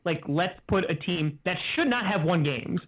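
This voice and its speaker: A man who is a guest on a casual sports podcast, rambling along with lots of "like" and "I think." His voice is a little high. It comes through a narrow, tinny, phone-like remote line. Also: expressive, normal speed. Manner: rambling, filler-heavy. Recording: phone-like remote call audio.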